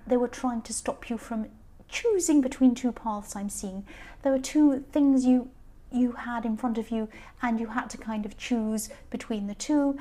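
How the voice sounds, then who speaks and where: A woman giving a casual tarot reading, talking directly to the viewer in a chatty, rambling way with many fillers and restarts. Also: a little high. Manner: gently reassuring, speaks directly to the viewer. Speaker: tarot reader.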